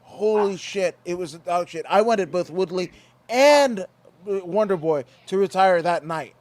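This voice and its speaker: A man's voice: high-pitched, lively intonation, measured pace, a little mellow, no room sound. A man in casual post-fight show chat, rambling with lots of fillers and swearing. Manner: rambling, profane, filler-heavy.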